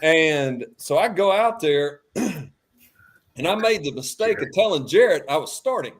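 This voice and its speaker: A man telling a lively story as a podcast guest, acting out quotes and laughing often. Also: a little high, measured pace. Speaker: podcast guest, former quarterback. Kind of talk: animated storytelling.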